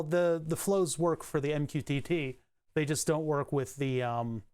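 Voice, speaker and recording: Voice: medium pitch, darkish tone, clear, resonant tone. Streamer type: mid-range voice, casual, profane, laughs off technical failures. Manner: thinks aloud, swears, laughs at own frustration. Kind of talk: casual live-stream chat while fixing software.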